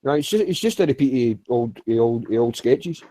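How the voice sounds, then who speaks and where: A man's voice: mid-range voice, animated, a little fast, warm tone, no room sound. A man chatting loosely, rambling and swearing now and then. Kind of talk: casual chat.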